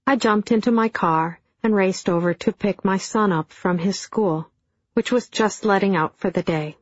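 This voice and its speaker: A middle-aged woman narrating an audiobook in a dry, deadpan storytelling manner. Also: mid-range voice, moderate pace, no room sound. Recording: dull, dry studio sound.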